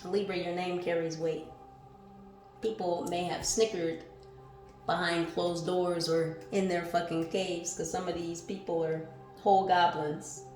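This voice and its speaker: A woman giving a spiritual card reading who swings between calm, musing questions and loud, fired-up exclaiming, reading affirmations aloud and swearing casually. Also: on the low side, measured pace. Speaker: tarot reader. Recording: echoey room with faint music behind.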